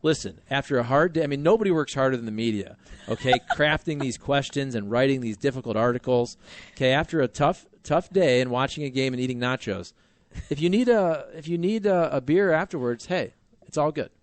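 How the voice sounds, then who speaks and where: Animated male sports radio host. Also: mid-range voice, no room sound. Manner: animated, joking, quick asides. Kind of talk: casual sports radio chat.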